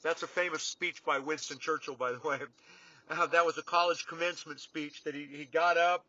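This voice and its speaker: A man's voice: a little high, steady tone, fairly quick, bright, forceful tone, no room sound. A middle-aged man giving an earnest, folksy motivational talk to his clients, repeating his points for emphasis. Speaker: business coach addressing clients. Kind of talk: casual motivational talk to camera. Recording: dull lo-fi, dry sound.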